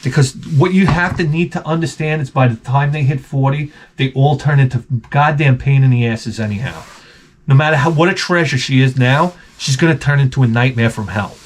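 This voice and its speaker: A man's voice: mid-range voice, fairly quick, slight background noise. A man hosting a crude advice show, reading viewer letters and answering in a blunt, rambling, profane way with many restarts. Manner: reads viewer letters aloud and then reacts to them. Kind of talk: crude comedic advice monologue.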